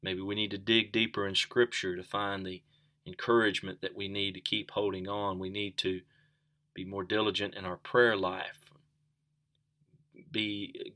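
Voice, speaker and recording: A man's voice: fairly low pitch, sharp tone. A man preaching a sermon, earnest, asking the listeners questions and repeating key phrases for emphasis.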